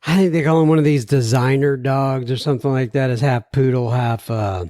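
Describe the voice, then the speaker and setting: A man with a medium-pitched, somewhat dark voice speaks fairly quickly in a clean studio recording with no room sound. He hosts a recovery podcast and opens the episode casually, rambling and chatty, with chuckles and asides.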